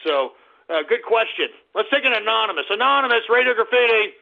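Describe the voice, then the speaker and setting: A man hosting a call-in radio show, abrasive and yelling insults at his callers, heard with a tinny lo-fi sound. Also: high-pitched, animated, brisk, creaky. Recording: tinny lo-fi phone-line sound.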